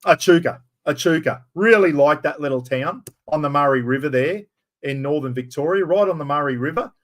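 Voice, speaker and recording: A man's voice: fairly high pitch, lively intonation, fairly quick. Rowdy Australian man streaming live. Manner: loud, rambling, swears freely. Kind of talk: casual live stream chat.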